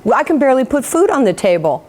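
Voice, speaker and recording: A worn-down working mother lays out the hard facts to her child, as a woman speaking voices her. She is blunt and firm, and her voice sits fairly high. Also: big pitch swings, quick pace, a little mellow. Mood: stern.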